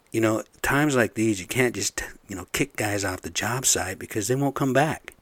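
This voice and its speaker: A construction site supervisor rants casually to camera about careless workers, blunt, profane, and fed up. His voice is on the low side, at a moderate pace with hardly any pauses, in a dry recording.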